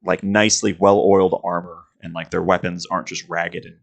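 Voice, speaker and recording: Low, gravelly man narrating a game. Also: little pitch movement, fairly quick. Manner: rambling, filler-heavy description. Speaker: game master.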